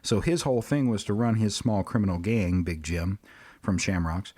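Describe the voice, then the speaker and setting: Husky low-voiced man telling a story. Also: moderate pace. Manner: animated, chatty, with asides and restarts. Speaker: podcast guest. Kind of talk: casual storytelling recap. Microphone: podcast mic on a video call.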